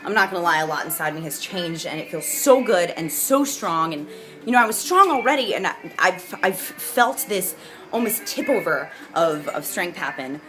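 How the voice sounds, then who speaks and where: A woman's voice: fairly low pitch, animated, moderate pace. Bubbly young woman vlogging over jazz. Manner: bubbly, chatty, with many restarts. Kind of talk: casual vlog chat. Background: jazzy music playing.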